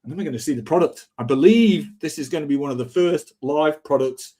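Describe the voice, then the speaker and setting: A man's voice: on the high side, fairly quick, dark tone. A man hosting a live online show over a video call, chatty and loose, with bursts of energy at the start of his lines. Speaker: host. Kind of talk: casual live-stream chat.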